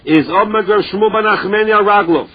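This Talmud lesson, rendering Aramaic in English, comes from a male teacher whose voice is husky and high for a man. Each source line is chanted slowly and followed by a plain explanation; the audio sounds dull and lo-fi.

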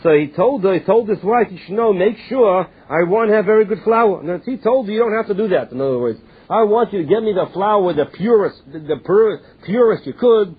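A man's voice: high-pitched, expressive, brisk, hardly any pauses, husky. A man teaching a Talmud class, reading lines and explaining them in English with frequent restarts. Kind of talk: Talmud class, translating text. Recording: tinny phone-line audio.

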